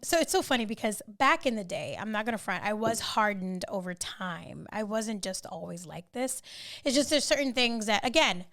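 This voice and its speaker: A woman co-hosting a podcast, telling stories in a casual, animated way and swearing freely. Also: mid-range voice, moderate pace. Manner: animated storytelling, swearing, laughing often. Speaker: podcast co-host. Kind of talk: casual chat.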